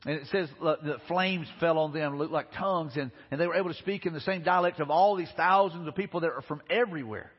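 A man's voice: on the high side, quick pace, hardly any pauses, slightly rough. A man pastor preaching a sermon, retelling scripture in a conversational way with frequent restarts. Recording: reverberant hall, dull lo-fi sound.

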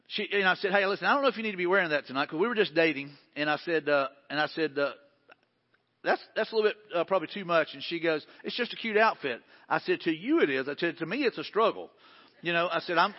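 Preaching in a high, conversational tone, a male pastor drives home repeated phrases and slips into quoted asides during his sermon. The recording sounds muffled and dull, its long echo carrying through a big hall.

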